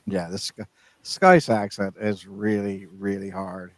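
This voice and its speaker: A man's voice: deep voice, little pitch movement, unhurried, no echo, poor audio. A man co-hosting a casual podcast, rambling and often restarting his sentences. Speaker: podcast co-host.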